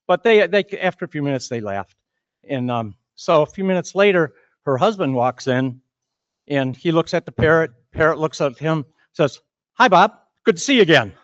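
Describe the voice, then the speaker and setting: A man's voice: on the high side, lively intonation, normal speed, smooth, no room sound, muffled recording. A man giving opening remarks as master of ceremonies at a breakfast meeting, chatty and rambling, often repeating words.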